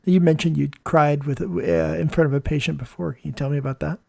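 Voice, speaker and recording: Gravelly-voiced man telling hospital stories. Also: a little high, fairly quick, dry recording. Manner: animated storyteller, quotes people in dialogue. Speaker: podcast host, ER nurse. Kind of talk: conversational interview storytelling.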